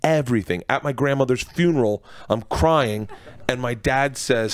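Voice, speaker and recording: A man's voice: mid-range voice, normal speed. A man from Florida, a stand-up comedian, telling stories in a radio studio interview, laughing and acting out the people he quotes. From Florida, USA. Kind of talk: storytelling interview.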